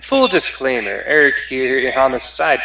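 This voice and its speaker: A man's voice: medium pitch, expressive, a little slow, pushed and bright, roomy sound. A man joining a let's play as side commentator, making joking, wisecracking remarks. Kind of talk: casual gameplay chat.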